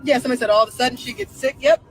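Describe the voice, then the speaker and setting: A woman's voice: high-pitched, wildly swooping pitch, rapid-fire, soft background music, low-quality recording. A woman hosting a live stream, commenting casually with incredulous rhetorical questions and frequent laughter.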